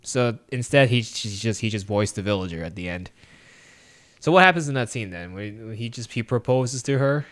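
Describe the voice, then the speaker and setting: Animated man retelling a movie. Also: fairly low pitch, normal speed. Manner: animated retelling, acting out lines, laughs often. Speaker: podcast co-host. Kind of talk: casual movie review chat.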